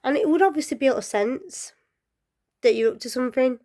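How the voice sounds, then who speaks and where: Chatty woman storyteller with soft drops. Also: sits high, a little fast. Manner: chatty, rambling asides with many fillers; often drops to a soft near-whisper. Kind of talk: casual folklore storytelling.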